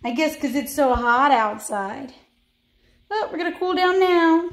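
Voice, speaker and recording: High-voiced woman cooing at dogs. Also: expressive, measured pace. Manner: sing-song baby talk to pets. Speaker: pet sitter. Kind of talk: casual vlog talking to dogs.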